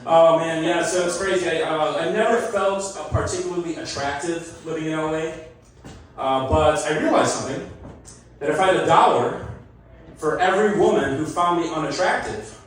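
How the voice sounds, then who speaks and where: Male stand-up comic, slightly high voice, roomy club sound, heard from a distance. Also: moderate pace. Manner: self-deprecating, chatty, laughs at his own jokes. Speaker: stand-up comedian. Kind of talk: stand-up comedy set. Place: comedy club stage. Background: audience laughter and call-backs.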